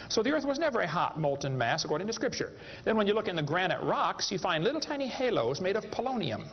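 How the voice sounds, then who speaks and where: A man giving a humorous lecture to a live audience, a folksy, joking storyteller. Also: high voice. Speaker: creationist speaker. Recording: echoey hall, dull lo-fi sound.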